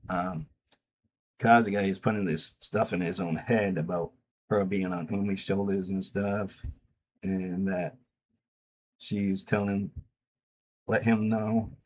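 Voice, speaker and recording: A man's voice: on the low side, a little mellow, breathy edge, muffled recording. A man casually retelling comic chapters in a loose, rambling way, stringing events together. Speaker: comic recap host.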